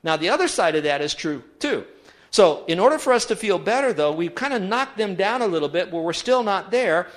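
A man's voice: sits high, lively intonation, fairly quick. A pastor giving an emphatic sermon, leading his congregation in reading aloud together. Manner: emphatic preaching, leads the congregation in call-and-response reading. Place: church sanctuary.

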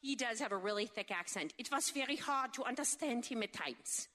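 A woman giving a humorous sermon, animated and jokey, telling stories with quick asides and keeps asking the audience for agreement. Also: on the high side. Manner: seeks agreement with frequent rhetorical questions. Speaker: speaker at a faith event.

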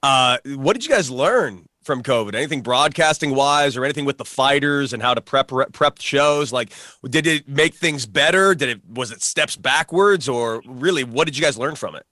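Chill co-host dude asking questions, bright voice, dry close mic. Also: male voice, mid-range voice, expressive, moderate pace, no echo. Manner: laid-back and casual. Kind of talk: casual sports talk.

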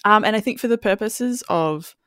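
A woman's voice: mid-range voice, moderate pace, fairly bright tone, no room sound. Chatty woman podcast host, dry sound. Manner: chatty, acts out quotes. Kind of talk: casual chat.

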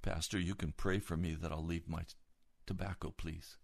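Fields: a man voicing a sheepish male smoker, low, gravelly, dry. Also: little pitch movement, normal speed, no echo. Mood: pleading. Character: sheepish adult male churchgoer hooked on cigarettes.

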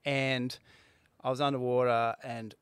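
Man telling a surfing story, smooth voice. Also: mid-range voice, little pitch movement, no echo. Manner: halting, with restarts and fillers. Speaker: guest, former pro surfer. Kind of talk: casual interview storytelling.

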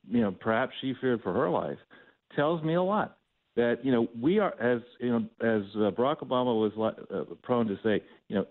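A man calling in as a talk radio guest, talking in a roundabout way with frequent fillers. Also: medium pitch. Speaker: phone-in guest. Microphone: telephone. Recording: tinny phone line.

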